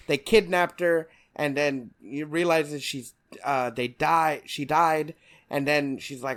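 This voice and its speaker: A man's voice: fairly high pitch, fairly even intonation, measured pace, fairly bright tone. A male podcast co-host talking casually about a film, rambling and laughing often.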